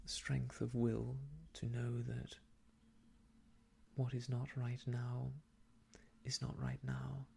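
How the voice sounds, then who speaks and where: A man softly reading an old novel aloud for ASMR, hushed and slow, slipping into whispers, close to the mic. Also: mid-range voice, monotone, gravelly, breathy edge. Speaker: storyteller.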